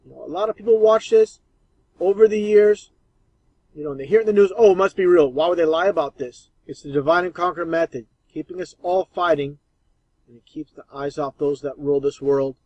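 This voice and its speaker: A man's voice: fairly high pitch, brisk, darkish tone, no echo, lo-fi sound. A man giving scornful, emphatic commentary over archive clips.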